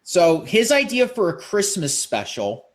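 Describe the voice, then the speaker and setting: A man's voice: high voice, very animated, unhurried. A young man hosting a podcast, recounting internet stories in a casual comedic way. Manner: storytelling, often slipping into quoted impressions. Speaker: podcast host.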